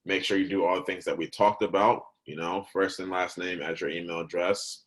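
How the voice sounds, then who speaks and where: A man's voice: deep voice, little pitch movement, fairly quick, fairly bright tone, rough recording. A man teaching a recorded lesson in a conversational way, often stopping to check in with "right?" and "okay?", and sometimes correcting himself partway through a word.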